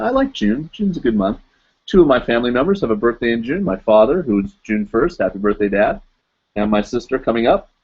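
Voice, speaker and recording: A man's voice: medium pitch, husky, muffled recording. A man in his forties hosting a live stream in casual, rambling chat, chuckling often and mocking himself. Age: 40s.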